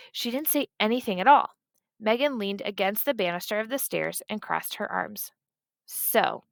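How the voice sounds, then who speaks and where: A woman narrating a children's book in a steady, expressive storytelling manner, close to the mic. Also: mid-range voice, gravelly, dry recording. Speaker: audiobook reader.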